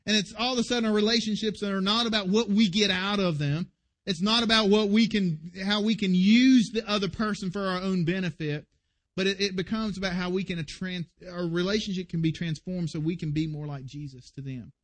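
Man, high voice, earnest emphatic sermon, pastor. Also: fairly even intonation, brisk, a bit bright. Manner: earnest, emphatic preaching with rising urgency.

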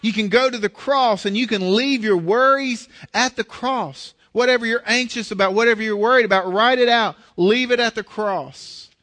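A man's voice: extremely high pitch, normal speed, few pauses, bright, forceful tone. A male pastor preaching a sermon in an earnest way, often repeating words as he starts his sentences.

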